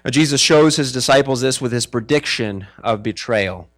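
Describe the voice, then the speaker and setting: A man's voice: mid-range voice, normal speed, fairly bright tone. Male pastor, easygoing sermon delivery, plays out the disciples' lines. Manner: conversational, acts out disciples' voices; frequent fillers and restarts. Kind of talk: sermon with scripture reading.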